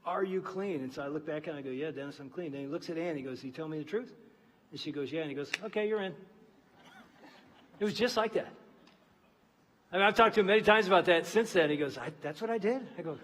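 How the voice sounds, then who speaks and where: A man preaching a sermon and telling a story, often dropping to a hushed voice for emphasis. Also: a little high, quick pace, long pauses, big-room sound, a little hiss or hum. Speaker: pastor. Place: large church auditorium.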